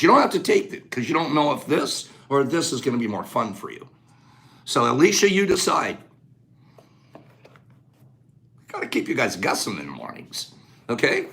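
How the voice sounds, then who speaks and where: A man hosting a casual live stream, greeting viewers by name and running a quick quiz with lively banter. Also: a little high. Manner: animated, shouts out viewer names, quick game-show banter. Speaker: livestream host.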